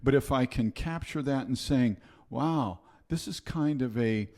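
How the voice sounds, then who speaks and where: An older man, a podcast guest, talking reflectively and haltingly, often repeating words as he starts a sentence. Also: mid-range voice, a little mellow. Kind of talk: reflective conversational talk.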